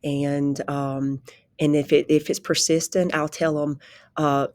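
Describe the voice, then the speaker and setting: A woman who teaches pre-K, talking calmly and conversationally about her classroom, often backtracking and restarting sentences. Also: deep voice, takes it slowly, no room sound, clean studio sound. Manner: calm, conversational, rambling with restarts. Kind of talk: informal spoken presentation.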